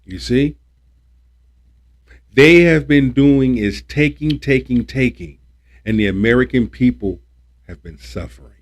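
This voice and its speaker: Pausing often at a measured pace, a medium-pitched livestream host rants preachily about politics. He repeats himself with emphasis and swears once he's worked up.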